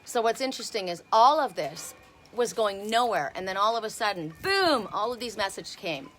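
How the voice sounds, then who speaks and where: A woman's voice: mid-range voice, expressive, normal speed, a bit bright, faint music behind. A woman reading oracle cards on a casual live stream outdoors, talking bluntly and swearing freely. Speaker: oracle card reader.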